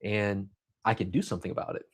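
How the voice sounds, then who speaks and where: A man leading an informal group discussion as instructor, energetic and talking in quick bursts. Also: fairly low pitch.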